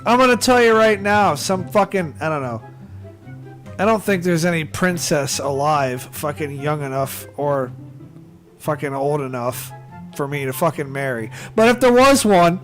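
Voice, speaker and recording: This American man has a high, slightly bright voice. He streams live and chats casually in a rambling way, swearing constantly and laughing at his own jokes.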